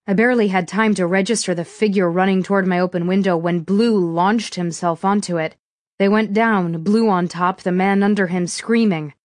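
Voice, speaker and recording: A woman reading a first-person thriller audiobook in a steady, measured way. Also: mid-range voice, no room sound, studio quality. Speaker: audiobook narrator.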